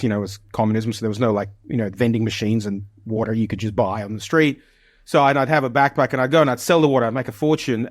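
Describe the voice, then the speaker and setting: A man's voice: mid-range voice, no echo, studio quality. A man in his forties who grew up in the Soviet Union, telling stories as a podcast guest, rambling with many fillers and restarts. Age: 40s. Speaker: podcast guest, business founder. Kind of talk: casual interview storytelling.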